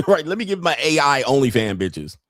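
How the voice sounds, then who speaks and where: A man's voice: on the high side, big pitch swings, normal speed, fairly bright tone, dry recording. Blunt profane man ranting, dry sound. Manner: blunt, heavy swearing, laughs often. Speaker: podcast host. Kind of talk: profane livestream rant.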